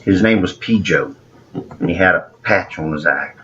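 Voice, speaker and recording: Bright, low-voiced joking man. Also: a little slow. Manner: playful, jokey. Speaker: co-host of a movie review show, working actor. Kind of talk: casual chat. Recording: dull sound with faint background hiss.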